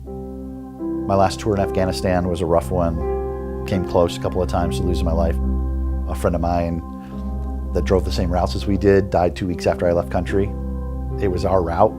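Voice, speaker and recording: A man with a very deep voice talks about his life in a documentary interview. He is calm, firm and measured. Music plays clearly behind him. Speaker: interviewee, military veteran.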